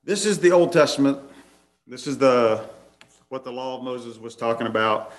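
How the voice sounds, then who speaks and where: Man, preacher, sermon, reads scripture aloud, numbered points, mid pitch. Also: normal speed.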